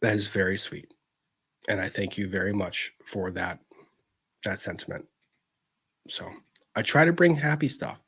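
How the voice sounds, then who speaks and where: A man hosting a livestream, chatting casually and gently as he answers viewer messages, with plenty of fillers and restarts. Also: lowish voice, lively intonation, unhurried, long pauses, slightly rough.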